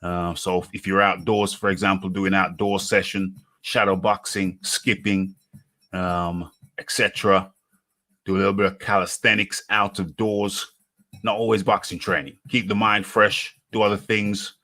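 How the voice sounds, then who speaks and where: A man hosting a boxing talk show, speaking in a slow, halting way and often repeating himself. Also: low-pitched, flat delivery, pushed and bright. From United Kingdom. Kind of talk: casual boxing chat.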